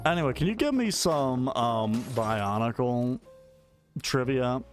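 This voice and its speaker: While streaming a game, this man jokes and chats casually with his viewers and an AI assistant. His medium-pitched voice is expressive and slow, with music playing in the background.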